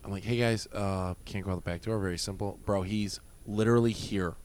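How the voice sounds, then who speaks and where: A man's voice: on the low side, a little fast, clean tone, no room sound. A man who worked as a nightclub bouncer, telling stories in a casual podcast chat, swearing often and acting out what people said. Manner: profane, animated, acts out quotes.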